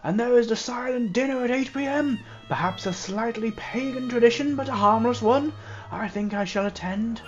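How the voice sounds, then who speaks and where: A man voicing a solemn, formal middle-aged priest who speaks in measured, pious phrases, raising his voice above his own. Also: very high-pitched, highs cut off, voice pushed up.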